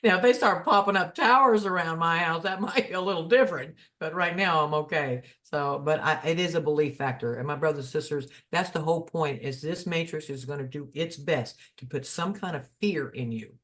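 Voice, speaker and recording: A man talks in a relaxed fireside chat, his voice sitting a little higher than most men's. He rambles along in a folksy, storytelling way. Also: fairly quick, few pauses. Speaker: spiritual guest speaker.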